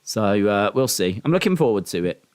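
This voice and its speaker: A man hosts a casual live stream reacting to wrestling and boxing, talking in a rambling, opinionated way full of ums and restarts. His lowish voice swings widely in pitch at a normal speed, and it sounds clear and resonant.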